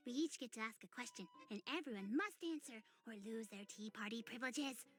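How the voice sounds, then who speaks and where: A woman voicing an odd, whimsical young woman hosting a tea party, rambling dreamily with sudden leaps in pitch. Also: animated, fairly quick, fairly bright tone, soft background music.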